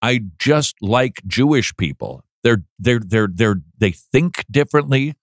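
A man hosting a casual talk show, playful and teasing, with animated asides. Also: medium pitch, measured pace, dry recording, clean studio sound. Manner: playful, mocks flat reading with droning voice. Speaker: podcast host. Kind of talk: casual chat.

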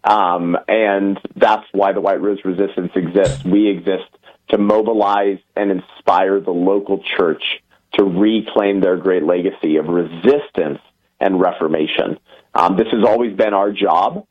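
A man's voice: low-pitched, steady tone, unhurried, dull audio. A man, co-host of a talk show, explaining terms carefully with many fillers and quotations. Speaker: ministry leader and co-host.

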